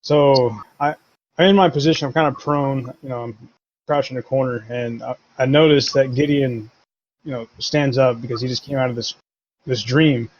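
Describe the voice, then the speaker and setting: Player, man, mid voice, halting and low-key, dull lo-fi sound. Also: fairly even intonation. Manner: hesitant, low-key, repeats words. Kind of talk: casual tabletop game chat. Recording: dull lo-fi audio.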